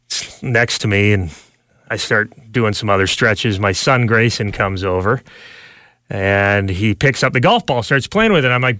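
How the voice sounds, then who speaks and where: A man hosting a podcast, telling a funny story about his week in a casual, animated way, jumping up in pitch when he quotes other people. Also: normal speed, no room sound, clean studio sound. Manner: animated, jumps high when quoting others. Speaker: podcast host.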